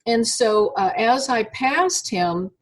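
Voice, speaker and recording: An interview guest with a fairly high voice talks over an internet call, recounting a personal story. She sounds animated but halting, restarting often and leaning on fillers.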